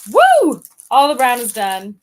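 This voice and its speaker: A woman's voice: medium pitch, animated, moderate pace. Bubbly, giggly young woman. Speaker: guest, stepdaughter. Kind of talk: casual chat while crafting.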